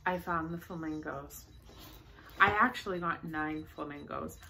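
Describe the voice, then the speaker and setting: A woman's voice: sits low, a little slow, sharp tone. A young woman chatting casually through a shopping haul, bubbly and rambling with enthusiasm. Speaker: vlogger showing a shopping haul.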